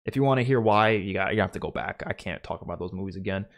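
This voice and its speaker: A man's voice: low voice, quick pace. A young adult man hosting a livestream, ranting casually and exasperated, with heavy use of "like" and frequent restarts. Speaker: livestream host.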